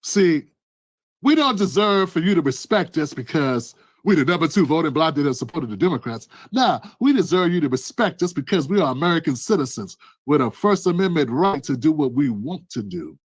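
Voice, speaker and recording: A man giving impassioned political commentary, preachy and emphatic, rising to shouts. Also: on the high side, big pitch swings, brisk, dry recording.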